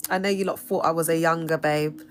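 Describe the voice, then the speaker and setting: A woman's voice: low voice, fairly even intonation, a little fast, slight background noise. A woman in her thirties with a London accent, giving casual live-stream commentary in a chatty, slangy way and laughing often. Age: 30s. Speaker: livestreamer.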